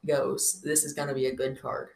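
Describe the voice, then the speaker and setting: A woman with a low voice plays the skeptic in a casual chat, dry and teasing. The recording has a roomy echo. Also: level tone, normal speed, vocal fry. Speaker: co-host. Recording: roomy echoey room.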